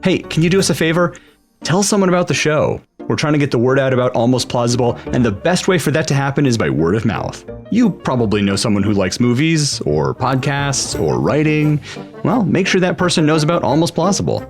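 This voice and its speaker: A man co-hosting a casual podcast, playful and quick to laugh, reading the show's outro. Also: medium pitch, big pitch swings, soft background music. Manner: playful, laughs easily, reads show outro. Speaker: podcast co-host. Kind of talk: casual chat.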